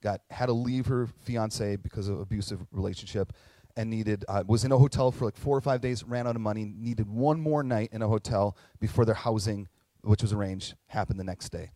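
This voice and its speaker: A man's voice: lowish voice, steady tone, fairly quick, mellow, no room sound. A middle-aged man preaching a sermon as pastor, earnest and conversational, telling stories and acting out quotes. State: tearing up at moments.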